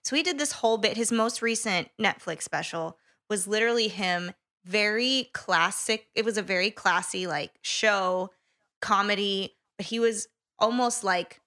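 Cohost lady with a really bright sharp voice, relaxed chatty podcast talk. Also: medium pitch, normal speed. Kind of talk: casual podcast chat.

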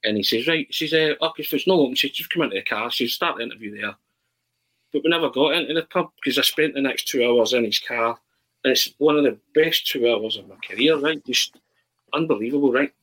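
A man's voice: mid-range voice, fast, husky, rough recording. A Scottish man telling a long anecdote in casual talk, breaking into mock football commentary as he goes. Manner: animated storyteller, bursts into mock football commentary. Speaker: podcast guest. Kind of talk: casual storytelling.

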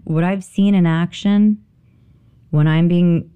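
A woman hosting a spiritual podcast, talking candidly with swearing and animated storytelling. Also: on the low side, slow, clean tone, phone-quality sound. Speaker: podcast host. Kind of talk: casual spiritual talk.

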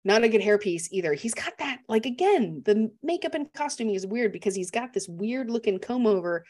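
A woman casually discussing a film as a podcast co-host, chatty and animated. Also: medium pitch, fairly quick. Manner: chatty and animated, laughs often.

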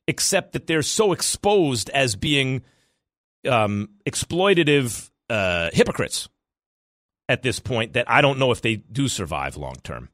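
A man from New York hosting a sports talk radio show, rambling in an animated way with quick asides. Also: medium pitch, dry recording, studio quality.

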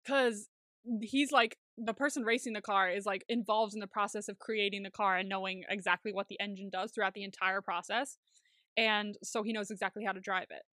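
A woman's voice: mid-range voice, steady tone, a little fast, bright, forceful tone, dry recording, studio quality. A woman co-hosting a podcast recap, chatting casually, giggling often and swearing freely. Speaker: podcast co-host.

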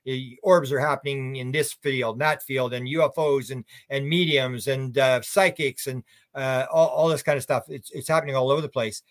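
A man's voice: mid-range voice, fairly even intonation, moderate pace, no echo. An older man as an author guest on a radio show, answering in a rambling and bluntly opinionated way with many restarts.

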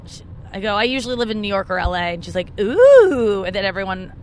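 A woman's voice: racing, fairly bright tone, a little hiss or hum. Woman podcaster, rambling casual story, self-mocking, recorded in a car. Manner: rambling, self-mocking, jumps up high when quoting people. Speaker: podcast host and comedian.

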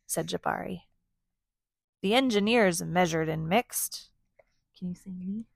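A woman's voice: lowish voice, measured pace, vocal fry, long pauses, no echo. A woman reading a storybook aloud to her children, stopping often to ask them questions. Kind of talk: interactive read-aloud to children.

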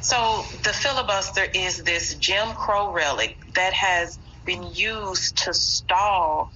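Woman politician, firm bright delivery. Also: on the low side, slow pace, slight background noise. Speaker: politician guest. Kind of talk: interview answer. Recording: dull lo-fi clip with faint ambience.

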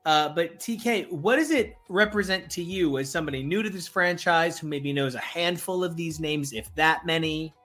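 Excitable podcast host guy, bright voice, um-heavy banter, faint music behind. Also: fairly high pitch, normal speed, hardly any pauses. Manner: excitable, many fillers, joking. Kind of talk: casual podcast chat. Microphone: remote call.

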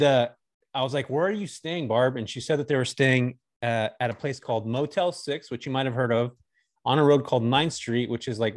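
A man in his forties from Northern California talks in a loose, chatty way as a podcast guest. He strings stories together and laughs easily, at a middling pitch. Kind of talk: casual podcast interview.

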